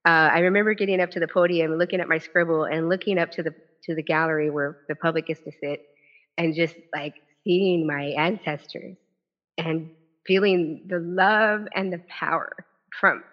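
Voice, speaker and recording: A woman who is an author and former legislator tells a personal story from a podium at a live event. She talks in an animated way, with quick restarts and quoted dialogue. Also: fairly low pitch. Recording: dull lo-fi event recording.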